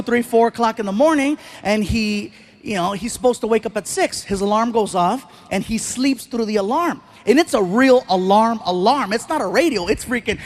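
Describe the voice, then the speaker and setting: A man doing animated stand-up storytelling on a live stage, throwing in sound effects. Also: high-pitched, moderate pace, hardly any pauses. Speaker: stand-up comedian.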